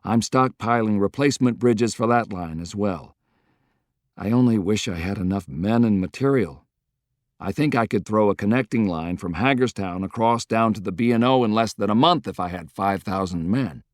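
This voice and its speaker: A man voicing a determined middle-aged Union railroad general who lays out his plans in a brisk, businesslike way. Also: lowish voice, no room sound, clean studio sound, natural voice. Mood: earnest.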